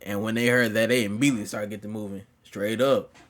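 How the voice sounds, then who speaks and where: A man's voice: on the low side, steady tone, fast talker. Young guy, storyteller, slang-heavy, swears freely, easygoing ramble. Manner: slangy, profane, laid-back rambling. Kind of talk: casual storytime.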